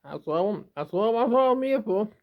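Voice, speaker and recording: A man's voice: sits high, lively intonation. A man from England talking to his camera in a rambling, emotional home vlog, often repeating and restarting himself. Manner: emotional, repetitive, halting. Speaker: YouTuber. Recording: dull lo-fi home recording.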